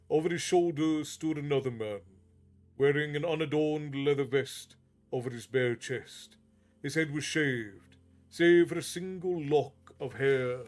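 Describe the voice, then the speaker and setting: A man telling a fantasy story as a steady, measured storyteller. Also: a little high. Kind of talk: reading a fantasy novel aloud. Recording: faint background music.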